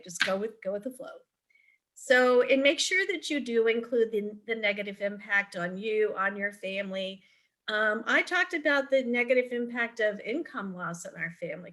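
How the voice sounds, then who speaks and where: A woman's voice: medium pitch, sharp tone. A middle-aged woman speaking on a video call, a parent advocate giving advice in a chatty storytelling way, with frequent ums and restarts. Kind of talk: virtual forum talk, advice with anecdotes.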